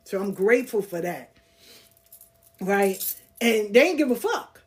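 A woman's voice: medium pitch, lively intonation, unhurried. Blunt, profane woman telling stories. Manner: laughs while telling stories. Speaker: podcast host. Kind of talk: casual storytelling.

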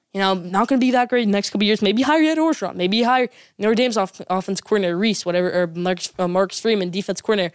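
A woman delivers rapid-fire college football takes as a sports vlogger. She talks quickly, stresses her opinions hard and repeats lines for emphasis. The sound is close and dry, with no room echo. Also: mid-range voice, clear, resonant tone. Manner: emphatic, repeats points for effect.

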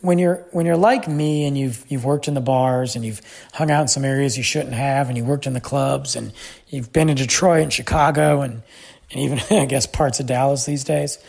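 A man hosting a podcast, telling a travel story in a chatty, animated way. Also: medium pitch, normal speed, creaky, breathy edge. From United States. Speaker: podcast host. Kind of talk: casual storytelling.

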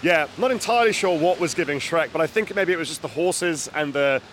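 A man's voice: a little high, fairly quick, a bit bright, slight background noise. Dry, understated male podcast host. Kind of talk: casual chat.

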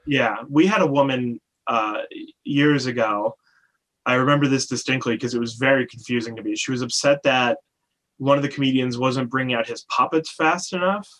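A man telling stories in a relaxed interview. He acts out the people in his stories, and his voice jumps up in pitch when he quotes them. He talks in a loose, animated way, full of restarts. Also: moderate pace. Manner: animated storyteller, acts out customers with a raised voice. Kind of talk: casual interview chat.

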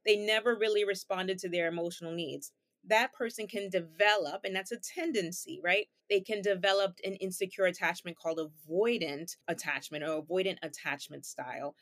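A woman's voice: on the low side, steady tone, normal speed, a bit bright. Woman therapist explaining with everyday examples. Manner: patient, explains with examples and rhetorical questions. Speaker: guest therapist. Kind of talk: explanatory interview talk.

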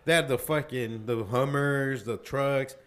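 A man's voice: medium pitch, a little slow, a bit bright. A man hosting a podcast, chatting and telling profane stories full of slang. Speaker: podcast host. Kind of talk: casual chat.

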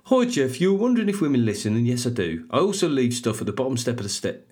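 A man's voice: medium pitch, fast, lightly acted. A man doing a deflated Brummie woman. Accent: put-on Birmingham. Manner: flat, faintly defeated drawl. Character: weary female Birmingham podcast listener.

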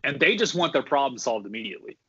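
Guest, male, relaxed rambler, lots of "like" and "you know", middle pitch, muffled lo-fi sound. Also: quick pace, husky. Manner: rambling, many fillers and restarts. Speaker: guest, former theme park custodian. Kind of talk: casual podcast storytelling.

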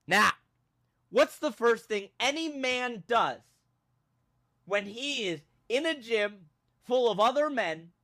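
A young man hosting a podcast, telling a funny story with animated, self-mocking drama and big swings in his voice. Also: very high-pitched, takes it slowly, long pauses. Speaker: podcast host. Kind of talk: comedic storytelling in casual chat.

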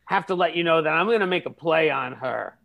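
A man's voice: a little high, lively intonation, brisk, vocal fry, dull audio. A man improvising a comedy sketch as a podcast co-host.

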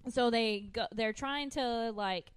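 A playful woman with a fairly high voice, chatting casually about a movie with her co-hosts. She talks in an easy, slangy way. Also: clean tone, no room sound. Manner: playful, slangy, quick to laugh. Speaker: podcast co-host.

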